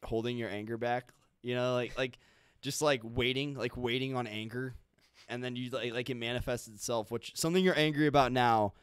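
A man's voice: mid-range voice, steady tone, brisk, clear, resonant tone, no room sound. A man hosting a podcast, talking in a rambling, laid-back way with lots of "like". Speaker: podcast host. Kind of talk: casual podcast chat.

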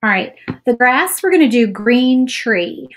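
A woman's voice: fairly high pitch, lively intonation, unhurried. A woman chatting casually while she paints on a livestream, self-doubting and saying "y'all" often. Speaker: craft livestream host.

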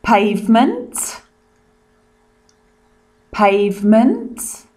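A South African woman teaching young children, pronouncing words clearly and repeating them in a revision lesson. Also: on the high side, big pitch swings, extremely slow, darkish tone.

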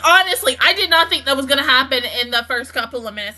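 A woman hosting a casual anime reaction review, excitable and swearing a lot, breaking into laughter often. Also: high-pitched, fast talker, hardly any pauses.

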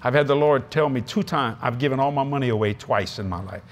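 A male preacher telling humorous, folksy stories in a lively sermon. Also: mid-range voice, fast. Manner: folksy, humorous, animated storytelling with many acted quotes. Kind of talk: sermon with storytelling.

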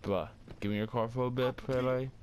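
A young man giving casual gameplay commentary, loud, excitable and cursing heavily, quick to get angry. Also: mid-range voice, slight background noise. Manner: loud, excitable, heavy cursing, hot-tempered. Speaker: gaming streamer.

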